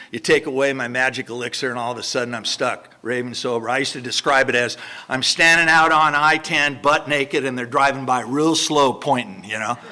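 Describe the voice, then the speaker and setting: This sixty-something Southern Californian has a bright, forceful, medium-pitched voice. At a recovery meeting, he lays out his personal story bluntly and earthily, peppered with rambling "you know" asides.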